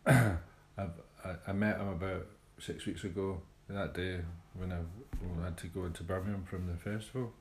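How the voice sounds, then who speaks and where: Man, very low voice, reflective, halting delivery, echoey room. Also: fairly even intonation, a little hiss or hum. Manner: reflective, halting, many fillers. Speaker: recovery group member. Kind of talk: reading a daily meditation, then casual chat.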